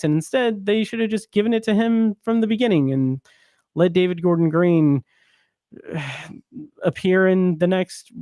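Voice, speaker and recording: A man's voice: fairly high pitch, darkish tone, clear, resonant tone, no room sound, studio quality. A man hosting a casual film podcast, easygoing and rambling, with frequent laughs and asides. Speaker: podcast host.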